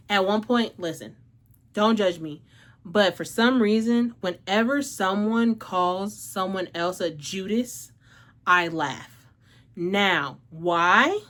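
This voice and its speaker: In a mid-range voice with a fairly bright tone, a channel host reviews books casually. Her delivery is effusive and emotional, peppered with "like" and profanity, broken up by lots of laughter, and a little breathless.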